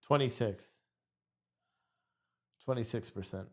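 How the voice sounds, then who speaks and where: A man's voice: medium pitch, slow, darkish tone. A tired man hosting a live stream, rambling through casual commentary and swearing freely. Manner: rambling and profane.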